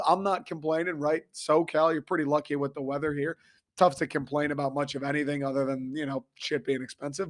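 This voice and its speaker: A young man from Michigan, hoarse and a little raspy, ranting profanely and excitably as he hosts a casual sports talk show. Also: on the high side. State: hoarse after a concert. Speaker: sports podcast host.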